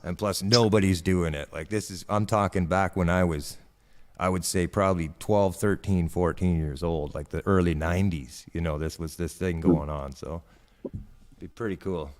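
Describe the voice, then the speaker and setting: A man's voice: sits low, steady tone, moderate pace, big-room sound. A man in his forties from Canada, rambling enthusiastically in casual live-stream chat.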